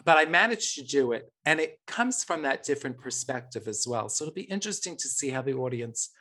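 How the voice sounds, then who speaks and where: A man's voice: medium pitch, animated, brisk, pushed and bright. A man guesting on a podcast, chatting in a campy, storytelling way. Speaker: guest performer. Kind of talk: casual podcast chat.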